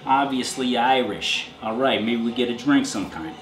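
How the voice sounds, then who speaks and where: A man's voice: medium pitch, moderate pace. Jokey man in an echoey room. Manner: jokey, riffs on names, crude asides. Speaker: show host reading out donors. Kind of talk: casual comedic roll call.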